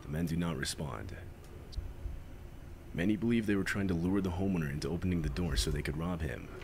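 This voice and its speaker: Deep gravelly man, scripted narration. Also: darkish tone. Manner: measured, factual. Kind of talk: scripted news-style narration. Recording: noisy played-back video audio.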